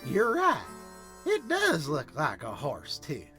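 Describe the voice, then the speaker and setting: Old fur trapper with a Western twang, played by a man; slow, swooping drawl, heard from a distance. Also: on the high side, huge pitch swings, bright, forceful tone, soft background music, exaggerated voice. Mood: folksy. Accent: American Western twang.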